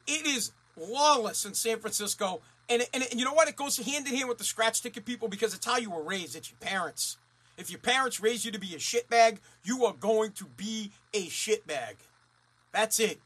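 A man's voice: high voice, animated, normal speed, fairly bright tone, husky. A man ranting as a talk radio host, blunt, profane and fired up.

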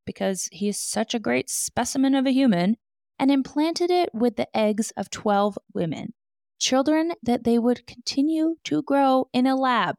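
A woman with a slightly high, gravelly voice tells a true crime story, dropping sarcastic, disbelieving asides along the way. The sound is dry and close, with no room around it. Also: expressive, measured pace, a little mellow, dry recording. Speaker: true crime podcast host.

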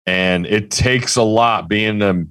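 A man's voice: fairly low pitch, takes it slowly, fairly bright tone, clear, resonant tone, no room sound. Sports talk co-host, male, rambling and restarting, dry close studio sound.

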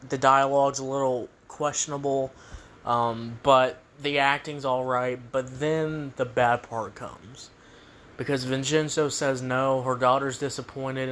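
A man's voice: mid-range voice, a bit bright, slight background noise. A man casually reviewing a movie, rambling and restarting sentences as he retells scenes.

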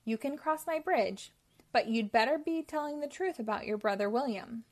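A woman's voice: on the high side, normal speed, close to an everyday voice. A woman voicing a grumpy, money-minded male troll who blusters when crossed. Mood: grumbling.

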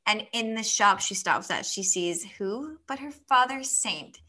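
Bright-voiced woman retelling a story. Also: medium pitch, expressive, a little slow. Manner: rambling storytelling, many fillers. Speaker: podcast co-host. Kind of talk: casual book discussion.

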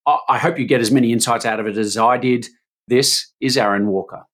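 A man's voice: medium pitch, steady tone, brisk, fairly bright tone. A man with an Australian accent, hosting a business podcast and introducing his guest in an earnest manner. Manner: earnest, many restarts. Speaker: podcast host.

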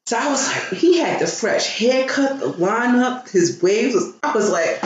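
A podcast co-host tells a story in casual, profane chat, animatedly acting out what people said. Her voice is on the high side at normal speed, and the recording sounds roomy and slightly dull.

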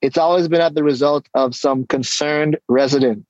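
A man guest on an interview, casually telling stories and acting out exchanges with lively energy. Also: fairly high pitch, moderate pace, dry recording, dull audio. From San Diego, California. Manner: animated storytelling, acts out exchanges. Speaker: guest, hip-hop artist and coach.

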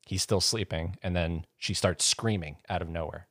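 A man's voice: low voice, steady tone, moderate pace, fairly bright tone, dry recording, clean studio sound. A man in casual chat, rambling as he retells a scene and acts out voices. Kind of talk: casual chat about horror movies.

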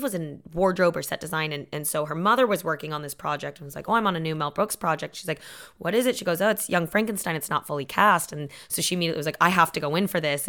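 A woman's voice: deep voice, fairly bright tone. A woman co-hosting a podcast, chatting casually and retelling stories with quoted lines and frequent laughter. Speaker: podcast co-host. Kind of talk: casual chat.

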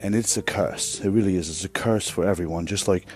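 A deep-voiced man rambles through a casual podcast monologue, drifting between thoughts and stopping to correct his own phrasing. He curses freely and sounds offhand. Music plays clearly underneath him. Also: a little fast, darkish tone. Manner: meandering, swears, corrects himself mid-sentence. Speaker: podcast host; restaurant worker.

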